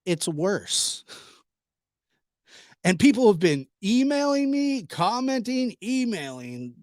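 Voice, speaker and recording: A man's voice: sits high, big pitch swings, slow, dry recording, studio quality. A man hosting a commentary vlog, talking in a sarcastic, exasperated way with mock apologies. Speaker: channel host, commentator.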